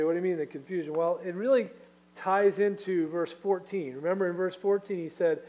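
A man's voice: high voice, warm tone, low-quality recording. A man preaching a Bible-study sermon in a conversational way, with fillers and rhetorical questions. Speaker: pastor.

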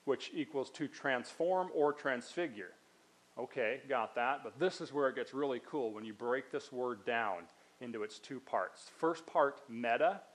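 A man's voice: mid-range voice, rough recording. A man giving a sermon as a pastor. He talks in a conversational way, explaining things step by step and dropping in casual asides.

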